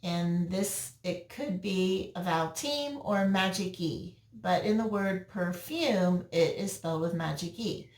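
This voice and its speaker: A woman teacher giving a recorded phonics lesson to young children, slow and patient, drawing out words for them. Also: on the low side, a little mellow. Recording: roomy echo, mic at a distance.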